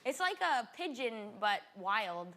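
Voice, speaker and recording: Woman guest from Alaska, bright tone, rambling and giggly. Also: fairly high pitch, very animated, slow pace. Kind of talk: talk show chat. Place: theatre stage before an audience.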